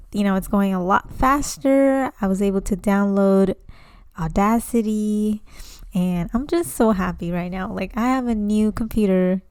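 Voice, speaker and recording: A woman's voice: mid-range voice, smooth, no room sound, studio quality. Chatty nervous young woman podcaster. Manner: chatty, nervous and excited, many fillers. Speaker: podcast host. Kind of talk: casual solo podcast. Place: home room, indoors. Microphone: home microphone.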